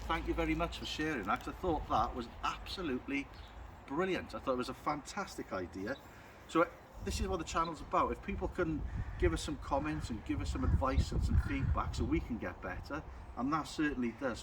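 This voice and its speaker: A down-to-earth builder talks viewers through the job in a chatty, easygoing way, naming them as he goes. He is recorded outdoors on site, with clear background noise running under his voice. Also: mid-range voice. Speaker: building contractor presenting. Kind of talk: casual on-site how-to talk.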